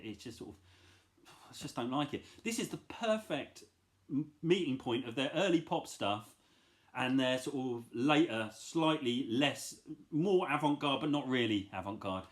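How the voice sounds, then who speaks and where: Animated man chatting about records. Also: mid-range voice. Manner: enthusiastic, rambling, self-deprecating. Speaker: vinyl collector vlogger. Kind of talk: casual chat.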